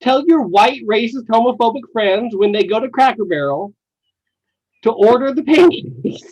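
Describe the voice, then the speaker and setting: A man hosting a casual podcast chat, animated and laughing often as he retells stories. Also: extremely high pitch, normal speed. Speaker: podcast host. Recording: dull lo-fi sound.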